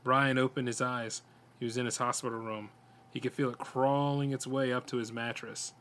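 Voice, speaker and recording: A man, a podcast host, reading a horror story aloud in a steady storytelling voice with small stumbles. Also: mid-range voice, normal speed.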